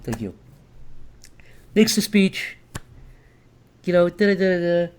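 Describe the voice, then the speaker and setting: Young man, streamer, casual live chat, slightly high voice, rambling, lots of fillers, restarts. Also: lively intonation, takes it slowly, clear, resonant tone. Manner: rambling, thinking aloud with many fillers and restarts.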